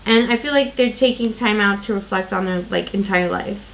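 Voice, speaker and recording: A woman's voice: medium pitch, moderate pace, a bit bright, a little hiss or hum, rough recording. A woman doing a casual tarot reading, talking in a loose, rambling way with lots of fillers and restarts. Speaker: tarot reader.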